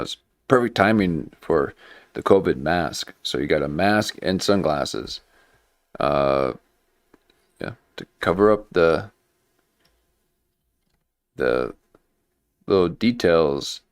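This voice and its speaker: A man hosting a livestream talks in a very deep, unhurried voice. He meanders through jokey asides and stops to restart his sentences. The delivery is loose and conversational. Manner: meandering, many fillers and restarts, joking. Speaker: livestream host. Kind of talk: casual conspiracy commentary.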